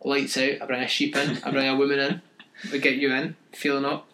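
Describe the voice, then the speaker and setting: A man's voice: mid-range voice, little pitch movement, a little fast, sharp tone. A man co-hosting a casual podcast, telling crude stories and laughing often. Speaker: podcast co-host. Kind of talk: casual chat.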